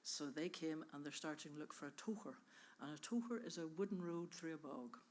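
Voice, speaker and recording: A woman's voice: low voice, brisk, a little mellow. An Irish woman giving an enthusiastic, chatty conference presentation about a bog conservation project, often interrupting herself. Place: conference hall.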